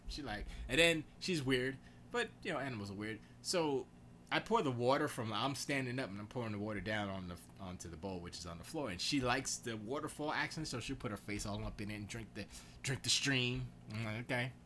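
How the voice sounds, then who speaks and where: A man hosting his podcast and rambling through casual, slangy stories. His bright voice swoops up and down all the time. A faint hiss stays underneath. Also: medium pitch, a little fast. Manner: animated storytelling with voiced quotes, slangy. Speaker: podcast host.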